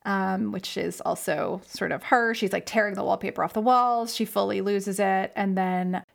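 A woman's voice: medium pitch, vocal fry. A young woman co-hosting a casual film podcast, chatty with lots of fillers. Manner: chatty, many fillers, reads a passage aloud slowly. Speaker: podcast co-host.

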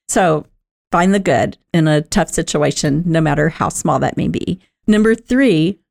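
Middle-aged lady rambling through a personal story, laughs a lot, slightly low voice. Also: vocal fry, a little mellow. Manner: chatty, rambling, laughs often.

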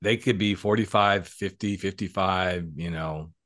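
A man hosting a podcast, talking in an animated, emphatic, chatty way. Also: sits low, measured pace, no echo, clean studio sound. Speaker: podcast host and coach. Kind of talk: casual podcast conversation.

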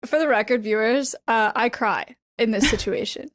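A woman's voice: on the high side, normal speed. A young woman co-hosting a podcast, reacting with short quips and giggly asides in casual chat. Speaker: podcast co-host.

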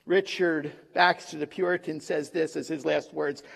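A man preaching a sermon in a church, dramatic, pausing for effect and acting out the quotes he gives. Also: fairly high pitch, steady tone, gravelly, fairly bright tone. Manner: dramatic, with pauses and acted quotes. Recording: long reverb of a large hall.

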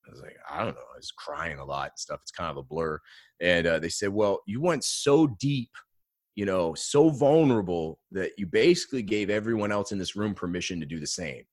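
A man telling a personal story in a casual interview, earnest and animated, often adding "man.". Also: sits low, fairly quick, no room sound, clean studio sound. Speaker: guest.

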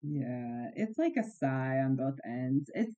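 Low-voiced woman, exasperated chatter. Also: very animated, slow, warm tone, highs cut off. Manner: exasperated, rhetorical questions, sighs. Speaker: podcast co-host. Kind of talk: casual spiritual chat.

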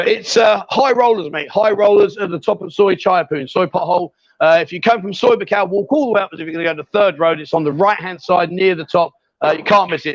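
Man, high voice, teasing bar host banter, live stream, muffled lo-fi sound. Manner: teasing, chatty, calls people sweetheart. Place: bar with a pool table. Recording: dull lo-fi stream audio.

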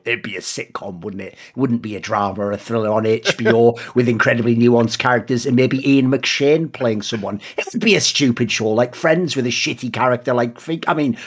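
A man co-hosting a podcast, talking in a sarcastic, mocking way with lots of swearing and animated storytelling. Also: mid-range voice. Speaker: podcast co-host. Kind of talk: casual podcast banter.

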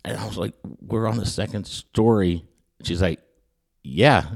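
Host, male, very low voice, animated raconteur, stumbles and restarts as he acts out quotes. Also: measured pace, vocal fry, breathy edge. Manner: animated storyteller who acts out quotes, with frequent stammered restarts. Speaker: podcast host. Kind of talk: storytelling anecdote in casual chat.

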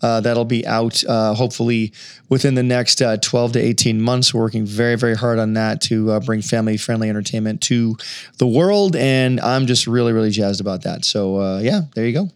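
Lively storytelling man, dry sound. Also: mid-range voice, brisk, no echo. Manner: animated storyteller, acts out voices and quotes. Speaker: animation creator, guest. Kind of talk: casual interview chat.

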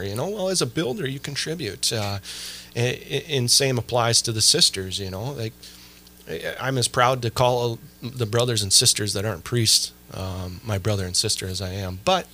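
A man tells a funny family story on a podcast, pitching into excited asides and piling on fillers. His voice has a very bright, forward edge, and a faint hum sits under the recording. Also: a little fast. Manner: animated storyteller, many fillers. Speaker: podcast host. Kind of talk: casual chat.

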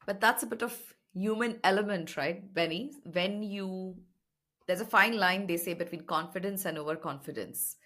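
A woman's voice: mid-range voice, moderate pace, a bit bright. A woman co-hosting a podcast, chatting thoughtfully about a film and laughing at her own lines. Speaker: podcast co-host. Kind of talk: casual film discussion.

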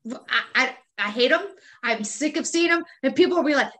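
A woman co-hosting a podcast runs through her pet peeves in casual chat, with lots of profanity and laughter. Her voice sits high and sounds bright and forceful. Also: lively intonation, fairly quick. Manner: profane, ranting, laughs often. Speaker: podcast co-host.

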